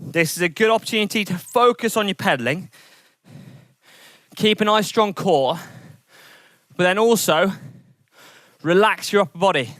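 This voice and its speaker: A man's voice: high-pitched, moderate pace, pauses often, no room sound. Guy coaching a spin workout, pumped up and cheering you on, sweaty, dry close sound. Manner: energetic, encouraging, counting down intervals. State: sweating from exertion. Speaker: indoor cycling coach. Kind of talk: coaching a training session.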